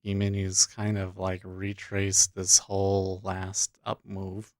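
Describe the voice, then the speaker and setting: A man hosting a day trading livestream, thinking aloud in halting, self-interrupting remarks as he watches the market. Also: low-pitched, completely flat delivery, darkish tone, dry recording, clean studio sound.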